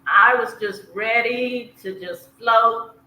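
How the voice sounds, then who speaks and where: A woman with a Southern US accent chats slowly and easily as a podcast guest, often laughing at her own slips. Her voice is bright and clear. She sounds like she is in an echoey room, with a faint hiss underneath. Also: a little high. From South Georgia, US. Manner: unhurried, chatty, laughs at herself. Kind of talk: casual interview chat.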